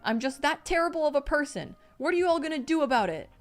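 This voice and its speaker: A woman voicing a proud, hot-tempered teenage boy who shouts defiantly. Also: high-pitched, big pitch swings, normal speed, voice pushed up. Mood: defiant shouting.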